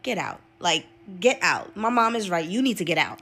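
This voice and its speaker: A woman's voice: lowish voice, very animated, moderate pace, fairly bright tone, full character voice. A woman storyteller voicing a young woman, her boyfriend's girlfriend, in a retold story. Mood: angry.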